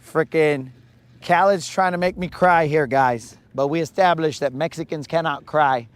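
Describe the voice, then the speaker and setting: A man's voice: fairly high pitch, moderate pace. A man hosting a live fishing vlog outdoors on a lake, with playful, hyped banter full of Spanish slang. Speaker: angler, channel host.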